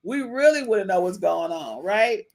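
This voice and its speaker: A woman hosts a casual live-stream podcast with a sassy, animated delivery. She repeats her points again and again and keeps checking in with her listeners. Her voice sits at a middling pitch. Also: moderate pace. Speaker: podcast host.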